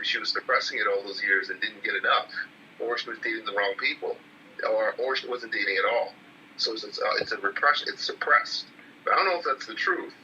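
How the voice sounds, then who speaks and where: A man's voice: medium pitch, pushed and bright, lo-fi sound, a little hiss or hum. A middle-aged man calling in as a guest and speaking bluntly in casual talk. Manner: blunt, outspoken. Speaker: call-in guest.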